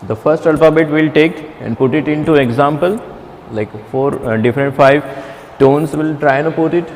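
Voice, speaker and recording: A man teaching a beginner Chinese class, speaking haltingly with many restarts and fillers. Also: a little high, a little mellow, long reverb tail, slight background noise. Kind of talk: classroom lecture.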